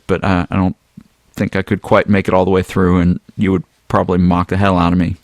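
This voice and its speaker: A man hosting a casual podcast, reading a listener's email aloud in a relaxed, rambling way. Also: low voice, fairly quick, no echo, studio quality. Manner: relaxed, rambling, with some filler words. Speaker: podcast host.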